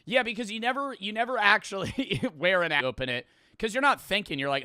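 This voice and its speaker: A man's voice: sits high, big pitch swings, quick pace, few pauses, bright, forceful tone, clean tone, no echo, studio quality. A man in his twenties, a streamer casually reacting to clips, rambling, swearing and laughing as he tells stories.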